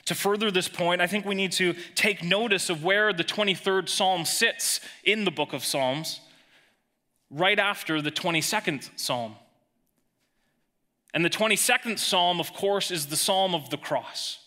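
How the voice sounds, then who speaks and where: A man preaching a sermon as pastor, emphatic, swinging between raised emphasis and hushed lines. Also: sits high.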